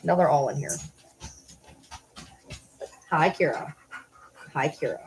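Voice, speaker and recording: A woman vlogging casually at home at night, chatting to the camera and calling and scolding her dogs in a high sing-song. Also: animated, unhurried, long pauses, a little mellow, slight background noise, low-quality recording.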